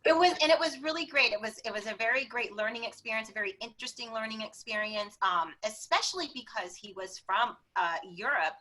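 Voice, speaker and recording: A woman guest in an interview, telling personal stories in an animated way and often laughing. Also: on the high side, brisk, few pauses, poor audio. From America. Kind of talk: conversational storytelling.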